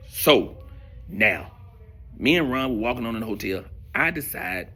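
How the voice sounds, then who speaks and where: A man spins a profane stand-up story in a gravelly voice. His pitch leaps around with lively expression, and he drops from loud bursts to near-whispers. The tone is bright and forceful. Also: measured pace. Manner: profane, animated storytelling with sudden volume drops. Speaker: stand-up comedian.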